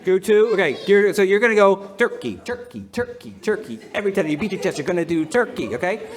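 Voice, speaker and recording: Pastor, male, high voice, leads a clapping game with the congregation, playful and laughing. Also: expressive, quick pace. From United States. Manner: playful, laughing, counting in the crowd. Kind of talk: leading a congregation in a rhythm game. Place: church hall with a congregation.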